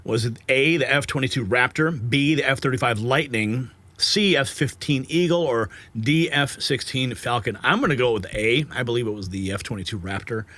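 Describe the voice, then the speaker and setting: A man's voice: medium pitch, normal speed, sharp tone, no echo. A man hosting a live political news stream, frustrated and agitated, sighing and swearing between headlines. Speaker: livestream news host.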